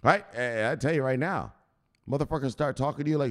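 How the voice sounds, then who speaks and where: A man's voice: medium pitch, animated, quick pace. A man hosting a crypto channel, giving a coarse, swearing motivational rant and constantly asking "right?".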